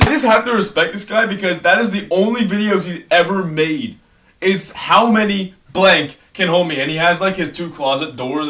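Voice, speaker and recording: A man's voice: on the high side, fairly bright tone. A man chatting casually in a rambling monologue, full of "like" and restarts as he ranks his favorite creators. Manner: fast, rambling, heavy use of "like", self-corrections. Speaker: vlogger ranking online creators. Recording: distant mic with clear background noise and clicks.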